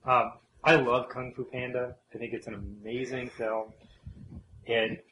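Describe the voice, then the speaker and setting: A man's voice: medium pitch, little pitch movement, unhurried, pushed and bright, echoey room, slight background noise, low-quality recording. A man co-hosting a casual film discussion podcast, thinking aloud and hedging with many ums. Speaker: podcast co-host.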